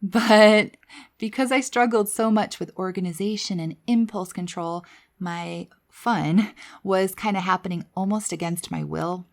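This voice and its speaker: A woman hosting a podcast, telling her personal story in a candid, conversational way with quiet asides. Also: fairly low pitch, fairly even intonation, a little slow, creaky. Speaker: podcast host.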